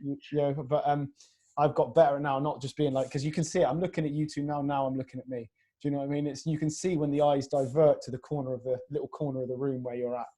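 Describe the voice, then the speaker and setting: A man's voice: mid-range voice, little pitch movement, quick pace, warm tone. A man chatting casually on a video call podcast, telling stories with plenty of laughs. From Iraq. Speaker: podcast host and fitness coach. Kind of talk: casual chat.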